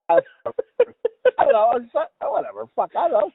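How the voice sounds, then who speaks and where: A man's voice: sits high, wildly swooping pitch, quick pace, gravelly, husky. A man co-hosting a podcast, rambling and mumbling in casual chat, swearing freely. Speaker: podcast co-host. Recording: tinny phone-like sound with a long reverb tail.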